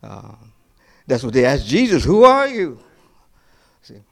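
A male pastor preaching a sermon. He asks his listeners questions and answers them himself, hesitating and restarting in quieter stretches and rising to emphatic peaks. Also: medium pitch, huge pitch swings, a little slow, vocal fry.

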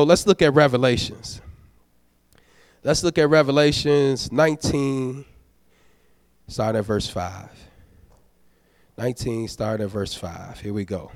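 A male deacon preaches a sermon, exhorting the congregation in a conversational, folksy style and prodding them for amens. His mid-range voice has a darkish tone, captured in studio quality with no room sound.

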